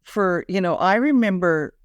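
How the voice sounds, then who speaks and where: A woman co-hosting a spiritual wellness podcast in unscripted chat, animated and often restarting her sentences. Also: fairly low pitch, moderate pace, no echo, dull audio. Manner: animated, frequent self-restarts. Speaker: podcast co-host.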